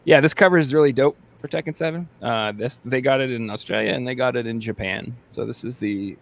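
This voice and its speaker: A man's voice: medium pitch, brisk, gravelly. A man hosting a podcast in casual chat, rambling and joking with lots of fillers and restarts. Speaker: podcast host.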